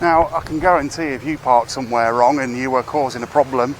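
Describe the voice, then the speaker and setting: A man with a mid-range voice and fairly even intonation talks a little fast as he walks through town streets, rambling casually into a camera he carries. His street-vlogger commentary is wry, with the occasional swear, over slight background noise.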